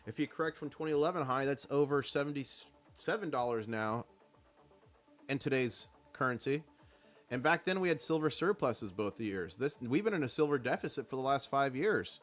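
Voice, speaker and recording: A man hosting a casual live stream with excited market commentary, rallying his chat and reading out their comments. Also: medium pitch, normal speed, faint music behind.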